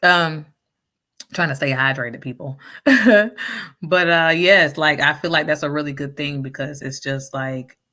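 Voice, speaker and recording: Sassy, low-voiced woman chatting. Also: a little slow, pushed and bright. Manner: sassy, frank, laughs often, Southern slang. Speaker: vlogger reading viewer comments. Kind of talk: casual live chat.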